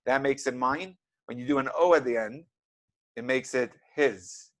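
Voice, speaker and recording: A man's voice: medium pitch, normal speed, a bit bright. A man teaching a Hebrew reading class over a video call, patient and encouraging as he explains letters and vowels step by step. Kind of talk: online group reading lesson.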